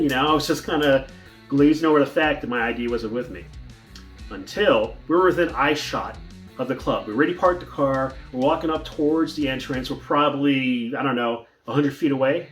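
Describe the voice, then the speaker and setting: Male vlogger, casual rambling storyteller, mid-pitched, faint guitar music underneath. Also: brisk. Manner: rambling, with restarts and fillers.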